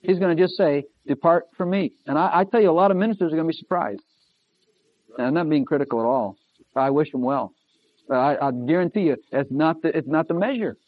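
A man preaching a sermon, emphatic and repetitive, swinging between loud and hushed. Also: on the high side, fairly quick. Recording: dull lo-fi recording.

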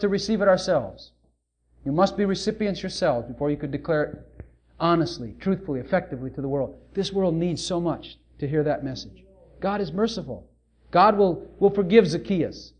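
A man with a high voice preaches with fervor, his volume rising on verses read in old biblical wording and falling low as he talks to the church. He sounds like a pastor in full flow. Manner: impassioned preaching, swelling loud on scripture and dropping quiet on asides; reads scripture in old-fashioned biblical wording. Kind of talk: sermon.

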